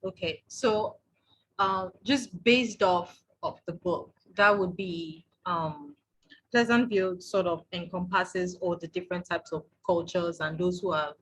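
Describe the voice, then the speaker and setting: A woman with a husky, slightly low voice hosts a book club conversation. She talks chattily and laughs often, and she fills her pauses with ums. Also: poor audio. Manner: chatty, laughing easily, with fillers. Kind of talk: casual conversation.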